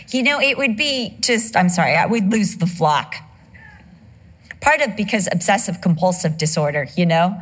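A woman's voice: medium pitch, moderate pace, fairly bright tone. A middle-aged woman preaching a sermon, teaching from scripture and slipping into humorous personal stories. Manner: conversational, tells humorous personal anecdotes.

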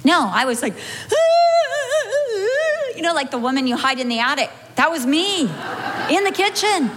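A woman's voice: high-pitched, expressive, brisk, a bit bright. A middle-aged woman, a pastor's wife, telling a humorous personal story and acting out scenes with sudden dramatic shifts. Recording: echoey hall with faint background noise.

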